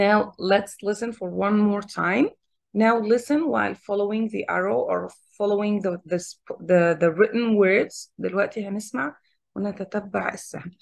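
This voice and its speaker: A woman's voice: mid-range voice, gravelly. A woman with an Egyptian accent teaching an English lesson, explaining patiently and repeating key points step by step.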